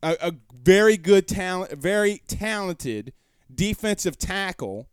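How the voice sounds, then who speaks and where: A man talking sports at home, with emphatic, argumentative delivery and lots of rhetorical questions. His voice is smooth and fairly high for a man. The sound is close and dry, with no room echo. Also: animated, measured pace. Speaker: sports talk show host. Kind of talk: casual live-stream commentary.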